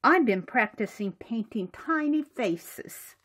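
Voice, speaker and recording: A woman's voice: on the high side, expressive, takes it slowly, fairly bright tone, heavily acted. A woman voicing a sassy, fussy little girl who pleads and pouts.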